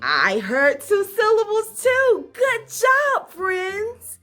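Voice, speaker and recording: Slow, lilting woman teacher. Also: very high voice, huge pitch swings, pushed and bright, faint music behind. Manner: slow, encouraging sing-song with many questions. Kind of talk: children's phonics lesson.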